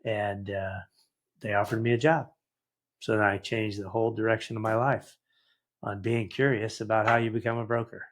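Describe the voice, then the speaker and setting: A man in his sixties, a guest entrepreneur, tells life stories in a lively conversational way and acts out the dialogue. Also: fairly low pitch, normal speed. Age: 60s. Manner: animated anecdotal, acts out quoted dialogue. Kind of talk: conversational storytelling.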